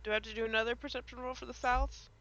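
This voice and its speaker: An eager woman player at a tabletop game with a gravelly, bright voice. She tends to answer in quick, short bursts. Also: fairly high pitch, steady tone, dull audio. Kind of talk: casual chat at a tabletop game.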